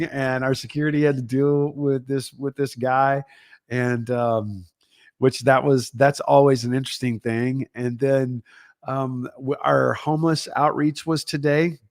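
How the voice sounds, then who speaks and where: A middle-aged pastor with a Texan accent talks casually to his livestream viewers from home, rambling and upbeat as he greets them one by one. His voice sits at an ordinary middle pitch. The sound is dry and close, with no room echo.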